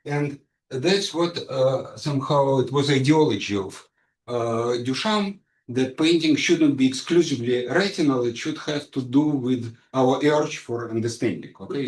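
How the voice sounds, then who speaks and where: A man's voice: medium pitch, moderate pace. A man giving an academic conference lecture, speaking hesitantly with frequent fillers and restarts. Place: lecture hall. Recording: echoey hall, mic far off.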